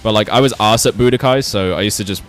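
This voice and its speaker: A man's voice: fairly low pitch, fast, faint music behind. A young man streaming a game, chatting casually, rambling, swearing and laughing often while he talks to his chat.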